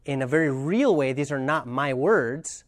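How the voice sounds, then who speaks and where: A man leading a communication workshop, explaining ideas thoughtfully and telling a story, often pausing to search for words. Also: medium pitch, lively intonation. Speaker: communication trainer.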